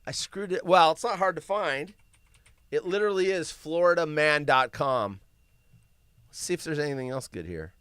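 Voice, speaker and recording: A man's voice: on the high side, lively intonation, moderate pace, a bit bright, clear, resonant tone, dry recording. A man hosting a live show, chatting casually and reading odd news stories aloud with crude, rambling asides.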